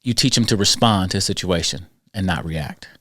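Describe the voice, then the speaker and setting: A man hosting a podcast, telling stories about school kids in an animated, conversational way that slips into quoted voices. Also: low-pitched, fairly quick, dry recording, clean studio sound. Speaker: podcast host and school character-education speaker. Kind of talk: conversational storytelling.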